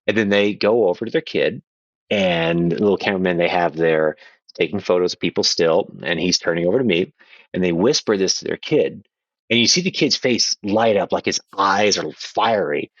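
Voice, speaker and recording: A man guest on a podcast telling a playful anecdote in a casual, animated way. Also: deep voice, moderate pace, no echo, dull audio. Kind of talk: casual storytelling.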